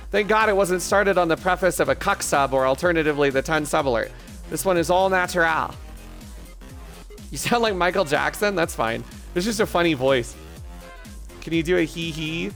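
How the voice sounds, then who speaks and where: A man's voice: fairly high pitch, fairly bright tone. A man streaming live, joking crudely and rambling in banter with his chat.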